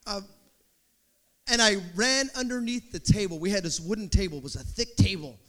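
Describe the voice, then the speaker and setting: A man preaching a sermon as pastor, animated, acting out quotes and building to shouts. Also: high voice, a little fast.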